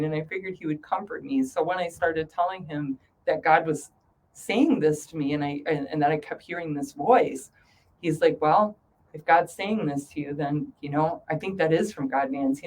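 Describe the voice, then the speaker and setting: Lively woman telling her story. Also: sits low, moderate pace, husky, low-quality recording. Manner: animated, acts out her own past thoughts in a raised voice. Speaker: guest. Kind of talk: candid storytelling interview.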